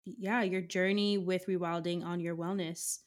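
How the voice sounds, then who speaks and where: A woman's voice: fairly low pitch, little pitch movement, measured pace. A woman hosting a podcast interview who encourages her guest and asks open questions, with frequent "um" fillers. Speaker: podcast host. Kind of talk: casual interview chat.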